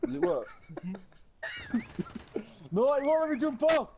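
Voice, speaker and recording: A young man in casual, excitable game chat, swearing and laughing often. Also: very high-pitched, measured pace, creaky, long pauses, dull audio, noisy background. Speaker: gamer.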